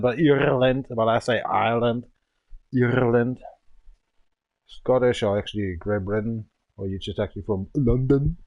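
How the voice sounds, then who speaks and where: A German man in his thirties, a native German speaker, rants and swears in broken, German-accented English during a casual game stream. His voice is medium-pitched with no room sound, and the highs are cut off.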